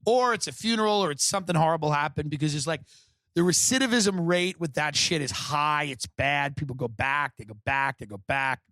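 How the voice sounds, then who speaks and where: A Long Island, New York comedian hosts his podcast, telling rambling, sardonic stories casually and jumping between voices. His voice is fairly high, a little fast and sharp, with clean studio sound and no echo.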